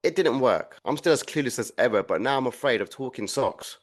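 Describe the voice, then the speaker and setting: A man voicing a dim, grumbling trooper who says whatever comes to mind. His voice is mid-pitched and plain, delivered flatly and bluntly. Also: brisk, natural voice. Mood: grumpy. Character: dim, grumpy male soldier bunkmate. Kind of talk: audio comedy acting.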